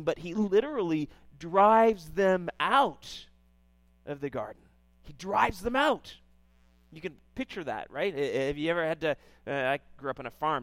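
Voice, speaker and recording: A man's voice: on the high side, fairly bright tone, no echo. A middle-aged male pastor preaching a sermon in a loose, conversational way, often checking in with "right?" and repeating words as he goes.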